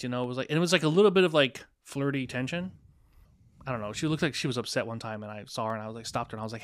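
A man's voice: medium pitch, quick pace, dry recording, clean studio sound. A man co-hosting a podcast, telling a dating story casually and acting out both sides of the dialogue, with some swearing. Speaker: podcast co-host.

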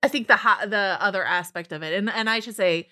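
Bright-voiced woman hosting a podcast. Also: medium pitch, fairly quick. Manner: playful, asks co-hosts questions. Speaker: podcast host. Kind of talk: casual panel discussion.

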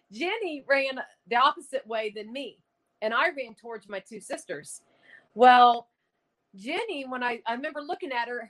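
A woman telling a ghost encounter in an interview, halting and repeating words, laughing between lines. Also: fairly high pitch, fairly bright tone. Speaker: paranormal investigator guest. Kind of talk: casual storytelling interview.

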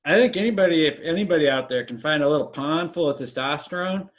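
A man co-hosting a comedy podcast, tossing in deadpan sarcastic asides. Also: on the high side, fast talker. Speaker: co-host.

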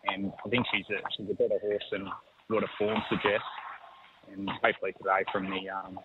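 A man, a horse trainer talking over the phone in a halting, easygoing way that repeats words. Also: low-pitched, flat delivery. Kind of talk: phone interview. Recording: tinny phone line with faint noise.

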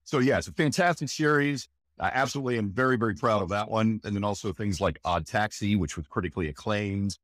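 A man, a voice actor, telling stories in an animated, emphatic way during an interview. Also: on the low side, quick pace, dry recording, clean studio sound. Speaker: voice actor guest. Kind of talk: enthusiastic interview chat.

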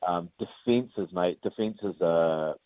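A New Zealand rugby player chats casually in an interview, rambling with plenty of fillers and calling the host mate. His voice is deep and slow, with no echo, heard over phone-line audio.

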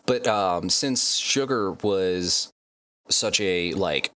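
Low-voiced man explaining on a podcast. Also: extremely slow, a bit bright. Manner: laid-back, swears casually while explaining. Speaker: podcast guest presenting facts. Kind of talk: casual podcast chat.

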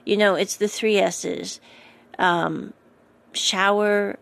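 A woman's voice: mid-range voice, fairly even intonation, very slow, vocal fry. A woman recapping a series episode in a casual, rambling way, often stopping to correct herself. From United States. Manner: rambling, chatty, with frequent self-corrections.

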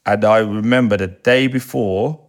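This is a man in his thirties from whose voice sits low. He tells long, animated stories in a loose, conversational way, swears freely, and briefly mimics the people he quotes. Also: normal speed. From England. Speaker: guest, football captain. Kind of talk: casual storytelling interview.

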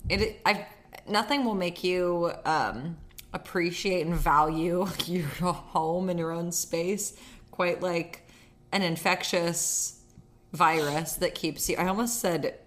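A woman co-hosting a podcast in casual chat, blunt and outspoken in how she talks. Her voice sits a little low, and she takes her time with her words. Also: takes it slowly, fairly bright tone. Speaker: podcast co-host.

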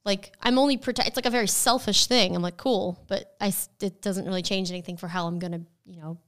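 A woman co-hosting a casual chat, talking in loose run-on bits with many fillers. Her voice is bright and forceful, and she often slips into quoted voices to retell a story. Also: mid-range voice, steady tone, quick pace.

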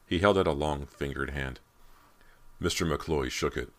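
Male audiobook narrator, extremely deep voice, measured and ominous. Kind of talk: scripted narration.

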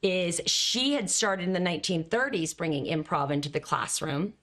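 A middle-aged woman, a communication coach, telling her stories in an expressive, animated way and laughing now and then. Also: on the low side, normal speed. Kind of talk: conversational storytelling.

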